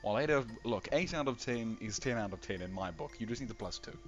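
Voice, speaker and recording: A man's voice: lowish voice, expressive, fast talker. A man hosting a game tournament livestream in a casual, playful way, reading chat aloud and answering it. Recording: slightly dull stream mic with faint music. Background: faint background music.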